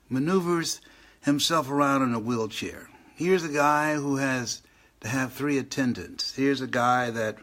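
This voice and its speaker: An older man who is a motivational speaker, telling his story in a live online talk. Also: mid-range voice. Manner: animated storyteller, acts out the voices of people he quotes. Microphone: online live broadcast.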